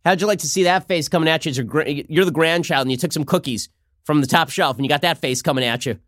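Sarcastic fast-talking male commentator. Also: a little high, fairly bright tone, no echo, studio quality. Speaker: host. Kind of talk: political commentary.

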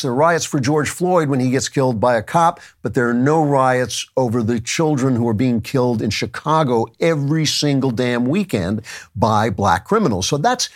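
A man hosting a commentary show, delivering an opinionated monologue with emphatic asides and occasional restarts. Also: mid-range voice.

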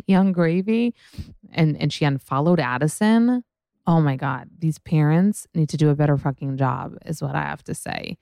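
A woman's voice: low-pitched, vocal fry, mellow, dry recording, clean studio sound. A young woman hosting a podcast, chatting frankly and profanely about celebrity gossip in a rambling way. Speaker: podcast host. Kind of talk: casual gossip chat.

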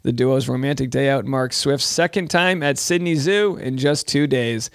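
A man's voice: medium pitch, moderate pace, dry recording, studio quality. A man hosting a talk show, reading celebrity news aloud and breaking off with wry, jokey asides. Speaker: show host. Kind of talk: casual commentary reading news articles.

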